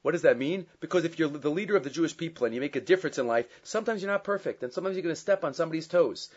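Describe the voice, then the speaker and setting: A man teaching a Torah lesson, reading Hebrew and Aramaic texts and translating them, with many fillers and lively stretches when he retells a story. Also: a little high, rapid-fire. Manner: grows loud and animated when retelling the story. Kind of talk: Torah class lecture. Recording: dull lo-fi sound.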